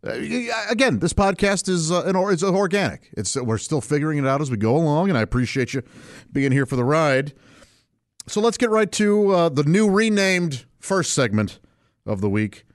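Talking fairly high-pitched, animated, and a little fast, this man rambles through his solo podcast in a casual way. He often starts sentences over and laughs quietly to himself, and the recording is dry and studio quality.

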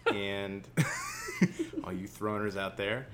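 Rambling, animated man from Central Illinois. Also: lowish voice, very slow, slight background noise. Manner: rambling, self-mocking, laughs often. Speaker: podcast co-host. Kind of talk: casual chat. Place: indoor room, guest seated across.

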